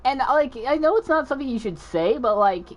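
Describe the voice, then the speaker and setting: A man's voice: extremely high pitch, animated, a little fast, lo-fi sound. Man who stutters, telling a rambling story. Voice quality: stutters, mumbles when explaining. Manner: rambling, frequent restarts and backtracking. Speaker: gaming channel host. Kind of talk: casual storytelling chat.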